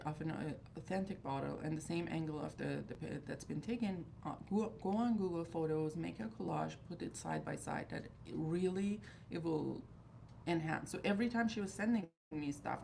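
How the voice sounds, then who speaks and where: A woman's voice: low voice, normal speed, gravelly, dark tone, slight background noise. A woman in her thirties hosting a livestream, talking in a rambling, candid and exasperated way. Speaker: livestream host of a fragrance group. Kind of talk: casual chat.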